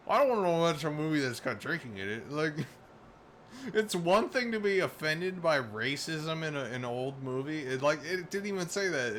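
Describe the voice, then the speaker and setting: A man's voice: fairly high pitch, slight background noise. A man streaming live, ranting and swearing with lots of restarts and laughter. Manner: animated, swears often, laughs mid-sentence; restarts and repeats words as he rants. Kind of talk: profane ranting commentary.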